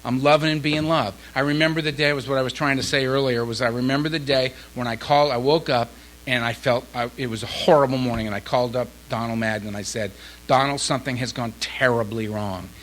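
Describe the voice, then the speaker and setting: A man gives a heartfelt recovery talk, moving between lively quoted exchanges and quiet, emotional memories. His voice is bright and forward. A faint hum sits under the recording. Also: mid-range voice, fast, poor audio. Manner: emotional storyteller, quoting others in lively voices. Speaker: AA speaker.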